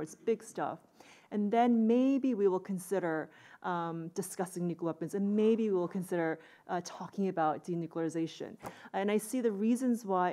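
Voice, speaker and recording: A woman's voice: lowish voice, a little mellow. A woman giving an analytical conference panel talk, thinking aloud with many fillers and restarts.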